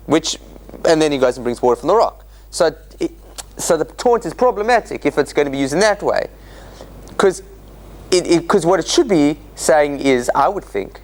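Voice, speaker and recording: In the meeting room of a church centre, a man with a voice on the high side leads an informal Torah study lecture at normal speed. His delivery is animated and full of restarts, with quotes performed in dramatic voices and questions thrown out to the audience.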